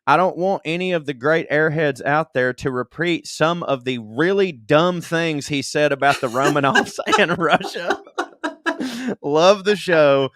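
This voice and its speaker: A self-deprecating comedy podcast co-host from the Southern United States reads listener emails aloud, laughing and adding comic asides. His voice is a little high and a bit bright, at a moderate pace with few pauses, in a dry, studio-quality recording.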